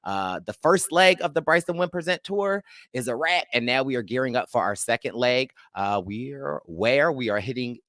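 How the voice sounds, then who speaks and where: This is a man hosting a casual chat show, playful and full of hype, laughing easily at his co-host. His voice is bright and forceful, recorded close and dry with no room sound. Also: mid-range voice, expressive, moderate pace, few pauses, no echo. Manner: playful, hypey, laughs a lot. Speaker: podcast host.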